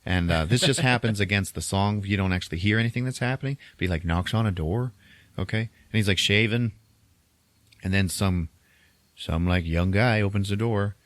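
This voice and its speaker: Brief: male podcast host, very low voice, loose chatty storytelling with frequent laughs, dry close mic. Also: moderate pace, no room sound. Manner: chatty, laughs often, acts out quotes. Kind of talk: casual movie recap.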